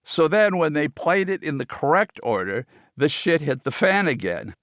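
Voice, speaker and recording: Animated higher-voiced man recounting. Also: normal speed, no room sound, clean studio sound. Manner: animated, lively storytelling. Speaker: film director and co-writer. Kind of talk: oral-history audiobook narration.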